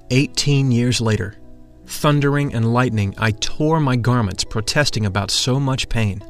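A man giving a slow, reverent, measured reading of a spiritual text. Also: medium pitch. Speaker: reader. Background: faint music.

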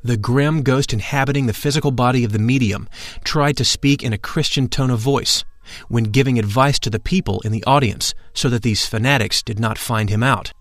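A man narrating a first-person account in a measured, formal reading voice. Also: mid-range voice, fairly bright tone, dry recording, soft background music.

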